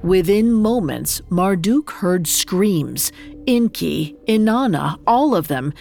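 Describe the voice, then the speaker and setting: Slow, calm woman storyteller. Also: medium pitch, creaky, soft background music. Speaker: narrator. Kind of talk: scripted narration.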